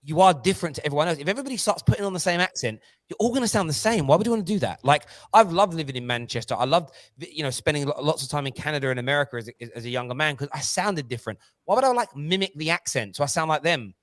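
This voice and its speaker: A man hosts a casual football talk show, his voice sitting a little high and sounding dry and close. He talks in an animated, joking way, getting excitable as he riffs with his co-hosts. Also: rapid-fire, no echo. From Jamaica. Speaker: host.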